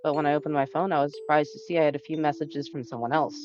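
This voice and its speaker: A woman narrating a story game aloud in an even, storytelling delivery. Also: sits low, fast talker, muffled recording. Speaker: let's play narrator.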